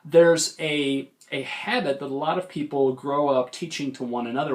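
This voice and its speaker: A man's voice: fairly high pitch, steady tone. Man lecturing on debate delivery. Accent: western United States. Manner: measured, emphatic teaching tone. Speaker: forensics coach.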